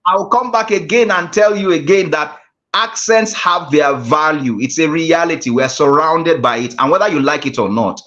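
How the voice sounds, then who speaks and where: A man's voice: a little high, a bit bright. A man, a guest speaker teaching an online class, talking emphatically and repeating his key phrases. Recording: dull lo-fi call audio.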